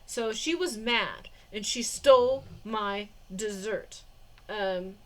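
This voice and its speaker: A woman's voice: medium pitch, slow. A woman vlogger telling a personal story in a rambling way, with restarts, fillers and short suspicious laughs.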